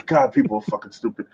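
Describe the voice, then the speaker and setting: A man's voice: very high voice, vocal fry, a little mellow, a little hiss or hum. Laughing man hosting a comics segment. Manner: stumbles over names, laughs often. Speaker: podcast co-host presenting comics segment. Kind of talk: casual podcast chat. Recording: slightly muffled lo-fi mic.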